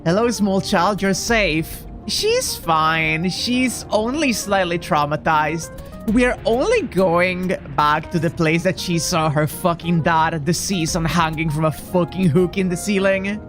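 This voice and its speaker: A woman's voice: lowish voice, unhurried, faint music behind. A woman streaming a video game, chatting casually, joking and swearing as she plays. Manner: profane, joking, laughs often. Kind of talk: casual gameplay commentary.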